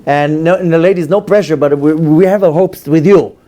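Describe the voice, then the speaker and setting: A middle-aged rabbi lectures in a mellow, somewhat high voice, telling stories and acting out the quotes. He mixes jokes into his teaching and talks with a lively, casual manner. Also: brisk. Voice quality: storytelling with acted-out quotes, joking.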